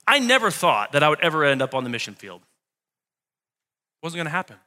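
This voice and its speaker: A man's voice: on the high side, sing-song, brisk, pushed and bright. A male pastor preaching a Sunday sermon, conversational and joking, repeating key lines for emphasis. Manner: conversational, with humor and asides. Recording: long reverb of a hall.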